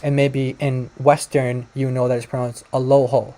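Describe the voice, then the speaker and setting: A male video host explains a language to viewers, speaking to them directly in a casual way with many fillers and restarts. His medium-pitched voice is level and a little mellow, at a moderate pace.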